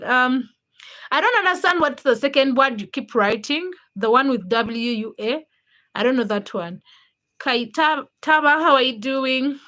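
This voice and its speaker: Bright-voiced woman hosting a livestream. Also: fairly high pitch. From Uganda. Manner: chatty, greets viewers by name, teasing, laughs often. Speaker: livestream host. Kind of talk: casual live stream chat reading viewer comments.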